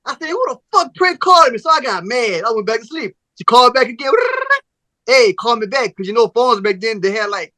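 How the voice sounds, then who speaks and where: A man with a very high-pitched voice talks a little fast, with no room sound. He's a podcast host spinning a long personal story in casual chat, animated and profane, acting out both sides of each conversation with plenty of swearing.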